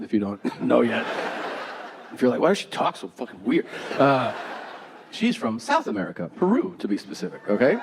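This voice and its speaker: A man doing stand-up on a stage, telling stories in a sarcastic, profane, conversational way. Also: medium pitch. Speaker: stand-up comedian. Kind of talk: stand-up storytelling. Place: comedy stage before a live audience.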